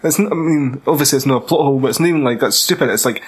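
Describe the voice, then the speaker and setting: A man's voice: on the high side, a bit bright, slightly rough. A man with a Scottish accent, chatting casually and swearing while reviewing a film with a friend. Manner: slow, sweary, laughing. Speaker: podcast co-host.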